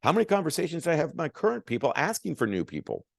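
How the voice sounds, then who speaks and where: A man's voice: on the high side, rapid-fire, gravelly, dry recording, studio quality. A man giving a motivational sales talk as a coach, acting out both sides of conversations. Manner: animated, acts out both sides of dialogues.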